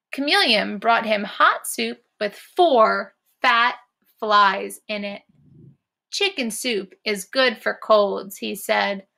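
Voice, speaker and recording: A woman teacher reading a storybook aloud to children, encouraging them and pausing to talk about the characters' feelings. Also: on the high side, vocal fry. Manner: encouraging, warm praise to young listeners.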